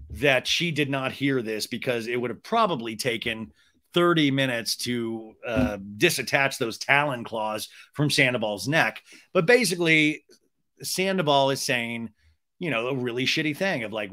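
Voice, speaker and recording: A man's voice: mid-range voice, expressive, a little slow, sharp tone. A man hosting a podcast, recapping TV in a chatty, joking, profane way. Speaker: podcast host. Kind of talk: casual comedic TV recap.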